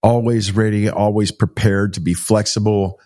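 Telling stories in an interview at a normal speed, a middle-aged Texas man with a lowish voice brings the dialogue to life by acting it out. He is the founder of a child rescue organization and is an animated storyteller.

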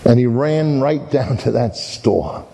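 A man's voice: medium pitch, expressive, slow, vocal fry, warm tone. A man preaching a sermon as a folksy story, often repeating "and, and" as he tells it. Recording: long hall reverb.

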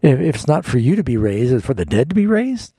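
Male pastor, radio call-in host; gravelly, husky, explains scripture plainly. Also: medium pitch, sing-song, quick pace, dark tone, dry recording. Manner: explanatory, folksy, reads scripture aloud. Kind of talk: call-in radio Bible answers.

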